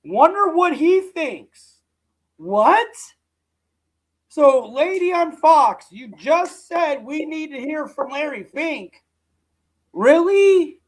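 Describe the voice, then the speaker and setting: A man whose voice is nearly gone talks slowly and rambles through a casual live reaction stream. He keeps repeating himself and calling people "dude" in a loose, conversational way. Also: very high voice, low-quality recording.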